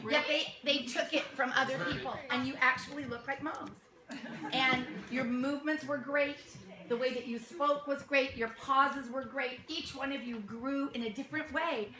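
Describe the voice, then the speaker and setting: With a high, steady voice at a moderate pace, a woman coaches a young theater cast, laughing with them and demonstrating their lines. Her manner is warm. Around her, an echoey room holds a crowd that murmurs and laughs.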